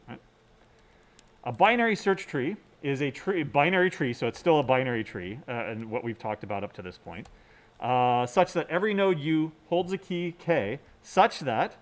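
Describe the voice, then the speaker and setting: A man giving a recorded computer science lecture, explaining step by step and often checking in with "right?". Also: mid-range voice. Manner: mutters quietly to himself while working on screen. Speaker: university lecturer.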